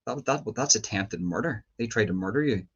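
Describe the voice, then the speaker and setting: A man interviewing a guest, asking his questions haltingly and restarting often. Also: fairly low pitch, animated, fairly bright tone, breathy edge, muffled recording. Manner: searching for words, restarts often.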